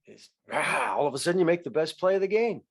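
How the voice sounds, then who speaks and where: A man's voice: a little high, sing-song, fast talker, breathy edge. A middle-aged man, an actor guest on a podcast, talking reflectively in a casual chat with many restarts.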